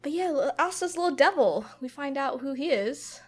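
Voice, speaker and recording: A woman co-hosting a casual podcast, chatty and quick to laugh. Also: high-pitched, expressive. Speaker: podcast co-host. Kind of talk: casual chat.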